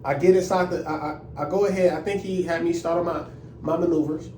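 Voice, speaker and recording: A young man telling a story in a casual, animated, indignant way and using lots of slang. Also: fairly high pitch, a little fast, reverberant, far from the mic, slight background noise. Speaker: vlogger.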